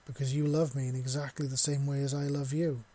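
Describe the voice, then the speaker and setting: A man voicing a devoted, affectionate young human man, talking softly in a husky voice. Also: mid-range voice, little pitch movement, fairly quick, close to an everyday voice. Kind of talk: audio story reading.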